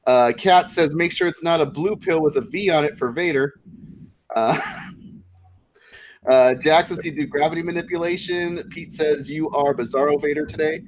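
A man hosting a live podcast, easygoing, reading out viewer comments with drawn-out fillers. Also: a little high, a little hiss or hum. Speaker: podcast host reading chat. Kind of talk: casual nerd-news chat.

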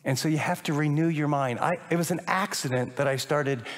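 An older man preaching a sermon as a pastor, animated and acting out little dialogues. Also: fairly high pitch, brisk. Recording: long reverb of a large hall.

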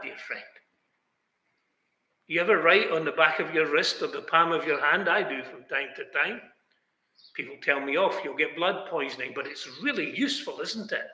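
A man's voice: high-pitched, pushed and bright. A man preaching a sermon in a chapel, emphatic, asking rhetorical questions and speaking straight to his listeners. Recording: echoey chapel with long reverb.

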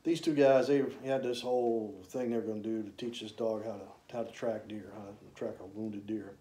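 A man, casually telling rambling, folksy stories about his old hunting camps, with drawn-out "uh" fillers. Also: on the low side, fairly even intonation, mellow. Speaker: hunter reminiscing. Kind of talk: casual storytelling. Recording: roomy echo.

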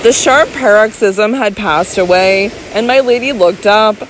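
A woman's voice: medium pitch, measured pace, slight background noise, low-quality recording. A woman narrating a Victorian novel as an audiobook, reading with impassioned, dramatic delivery. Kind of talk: scripted narration.

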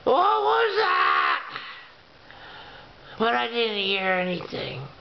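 Guy telling a silly story real slow and deadpan, high voice w/ some gravel. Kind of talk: first-person comic storytelling. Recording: dull lo-fi with faint hiss.

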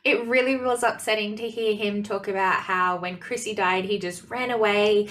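A woman chats through a show review in a casual, gushing way. She gets emotional and doubles up her words for emphasis. Her voice sits at an ordinary mid pitch. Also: fairly even intonation, moderate pace, a bit bright.

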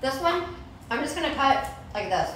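A woman's voice: high-pitched, sing-song, moderate pace, a bit bright, heavy reverb, recorded from a distance, slight background noise, rough recording. A woman hosting a casual home cooking show, chatting and snacking in her kitchen as she preps food. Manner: chatty, eats while talking, laughs easily.

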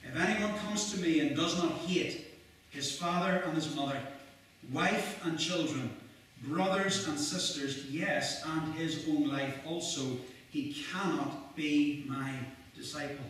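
A man's voice: on the high side, a bit bright, a little hiss or hum. A man preaching an earnest, fervent sermon in a mission hall. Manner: earnest, rising to fervent, with quotes read slowly. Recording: very echoey hall, mic far off.

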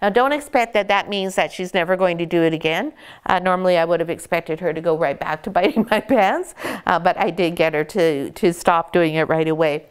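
Smooth-voiced woman breeder teaching puppy care. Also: on the low side, a little fast. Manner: calm and gentle, breaks into praise for the dogs. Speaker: dog breeder. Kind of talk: instructional puppy-care talk.

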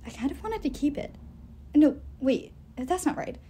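A woman reading a novel aloud in an expressive, animated storytelling way. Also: sits high, normal speed, slight background noise. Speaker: reader.

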